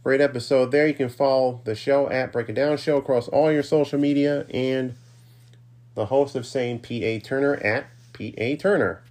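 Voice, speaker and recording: A man's voice: mid-range voice, fairly even intonation, normal speed, a little mellow. Rambling, self-mocking male podcast host. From New York's Capital Region. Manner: rambling, self-deprecating, offhand asides. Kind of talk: solo podcast outro with shout-outs.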